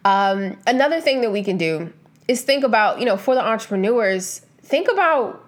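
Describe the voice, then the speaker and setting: A woman's voice: a little high, expressive, normal speed. A woman vlogger talking casually and earnestly to her viewers, giving motivational money advice with emphatic repetition and frequent restarts. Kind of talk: casual motivational talk to camera.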